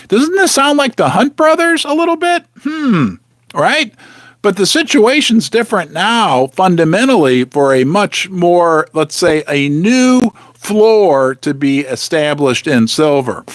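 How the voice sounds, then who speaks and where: A man hosting a casual live stream, talking with many restarts and rhetorical questions, clearing his throat as he is losing his voice. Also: sits high, very animated, unhurried, no echo. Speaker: host of a live precious-metals stream.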